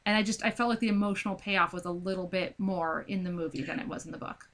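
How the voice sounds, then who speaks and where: A woman in casual chat about a book and its film, animated and acting out scenes with lots of filler words. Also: medium pitch, fast. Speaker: book discussion co-host.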